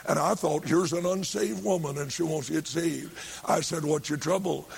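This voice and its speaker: In a steady tone at normal speed, an older preacher fervently tells of a revival, his gravelly, raspy voice pitched high for a man. He breaks into shouts when speaking as the story's characters.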